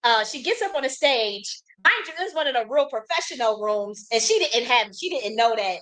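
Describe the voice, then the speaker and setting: A woman in her thirties from the United States tells a casual story in a blunt, profane and animated way. Her voice sits fairly high. She stumbles and restarts often as she talks. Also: moderate pace, poor audio. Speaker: host.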